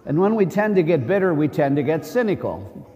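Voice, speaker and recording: A man's voice: fairly high pitch, sing-song, fairly quick, highs cut off. A male priest giving a conversational sermon, full of rhetorical questions and joking asides. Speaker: Catholic priest. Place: church. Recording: long church reverb.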